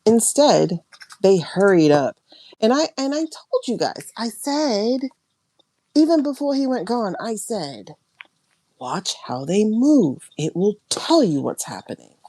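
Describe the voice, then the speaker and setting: A woman hosting a tarot livestream, ranting emphatically and repeating herself, her voice swinging between loud and hushed. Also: mid-range voice, big pitch swings, slow pace. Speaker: tarot reader and livestream host.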